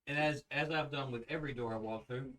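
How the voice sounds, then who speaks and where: A man playing a tabletop game, describing his character's actions in a slow, deliberate way. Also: medium pitch, fairly bright tone, distant mic, a little hiss or hum, poor audio. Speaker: player.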